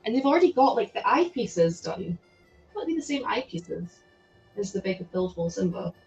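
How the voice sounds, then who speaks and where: A young woman hosting a live stream, chatting excitedly and laughing as she builds a toy set. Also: mid-range voice, moderate pace, slightly rough, faint music behind. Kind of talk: casual chat while building a toy set.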